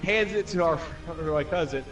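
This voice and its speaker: A young man telling a profane, animated bar story among friends, swearing constantly and acting out other people's voices. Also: fairly high pitch, moderate pace. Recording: distant mic with loud music behind. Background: music.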